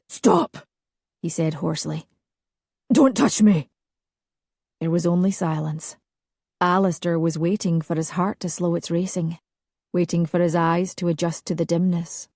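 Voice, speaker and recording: A woman narrating an audiobook romance in a measured, dramatic storytelling style. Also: lowish voice, dark tone, no room sound, clean studio sound. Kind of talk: scripted narration.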